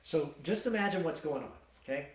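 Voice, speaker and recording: Animated pastor teaching in a roomy hall. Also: male voice, fairly high pitch, fairly quick. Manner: animated, colloquial storytelling. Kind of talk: sermon, Bible teaching.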